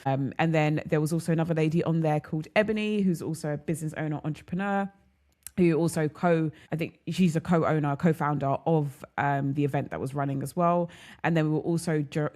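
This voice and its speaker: A woman's voice: low-pitched, a little mellow. A woman talks into a close studio mic, hosting her own podcast. Her delivery is chatty and personal, as if catching up with friends, and she keeps calling her listeners girl and ladies. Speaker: podcast host. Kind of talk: casual solo podcast talk.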